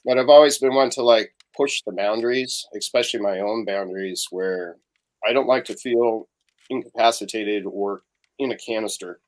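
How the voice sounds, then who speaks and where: A man's voice: lowish voice, moderate pace. A middle-aged man chatting as a podcast guest, telling stories and acting out the voices of people in them. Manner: storytelling, acts out quoted voices. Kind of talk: casual podcast chat.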